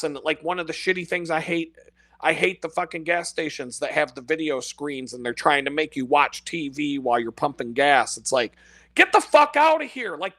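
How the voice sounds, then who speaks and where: A man's voice: a little high, pushed and bright, no room sound. A man ranting in a casual, profane monologue, cursing constantly and laughing at his own jokes. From United States. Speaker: podcast host.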